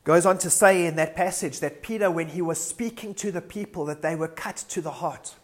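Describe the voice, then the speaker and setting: A man's voice: a little high, a little fast. A man preaching a sermon earnestly, building to emphatic lists and reading scripture aloud.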